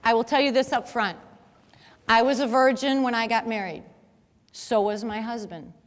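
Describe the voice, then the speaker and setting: A middle-aged woman with a high, lively voice tells a personal story to an audience. Her talk is conversational and animated. The sound rings with the long reverb of a large hall. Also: normal speed. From American Midwest. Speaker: speaker.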